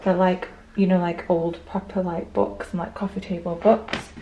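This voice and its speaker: A woman's voice: lowish voice, flat delivery, normal speed, warm tone, lo-fi sound, a little hiss or hum. A young woman chatting casually in a home vlog, rambling with lots of fillers, at times out of breath. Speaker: vlogger. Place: home, indoors.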